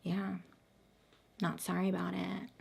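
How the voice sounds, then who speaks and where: A woman with a slightly low voice talks through a true crime case in a relaxed, conversational vlog style. She drops dry, sarcastic one-word asides, and her voice is turning a little hoarse. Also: measured pace. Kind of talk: casual storytelling to camera.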